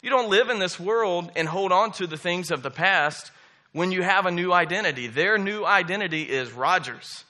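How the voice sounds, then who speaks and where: Male preacher in his thirties, bright forceful voice a touch high, emphatic sermon delivery, repeats his key points. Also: animated, normal speed. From Southern US. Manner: emphatic, repeats key phrases and checks in with "okay?" and "right?".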